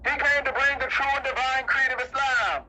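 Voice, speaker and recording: A man's voice: extremely high pitch, fairly even intonation, a little fast, sharp tone, low-quality recording. A man preaching a sermon at a religious meeting, emphatic and repetitive, firing rhetorical questions at his listeners.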